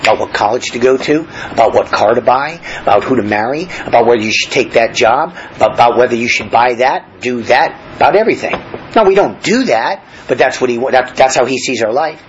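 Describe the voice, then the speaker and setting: A pastor with a mid-range voice preaches briskly in a lively, swooping delivery, reading scripture aloud and then explaining it in plain, everyday talk. His conversational preaching is full of fillers and frequent restarts. The recording is a bit dull, with faint background noise.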